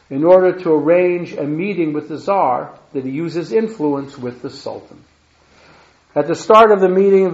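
A man giving a history lecture who reads long quotations from a diary aloud, stumbling and correcting himself as he goes. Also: fairly high pitch. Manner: reads quotes aloud with restarts and self-corrections. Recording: echoey lo-fi room recording.

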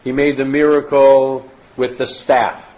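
A man's voice: mid-range voice, flat delivery, a little slow. A man teaching a Torah class, reading passages from a text aloud and explaining them with frequent restarts. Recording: dull lo-fi recording.

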